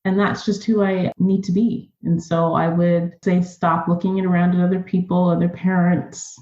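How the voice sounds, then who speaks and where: A woman being interviewed on a podcast who talks in an earnest, animated, conversational way. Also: lowish voice, moderate pace, reverberant, dull audio. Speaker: podcast guest.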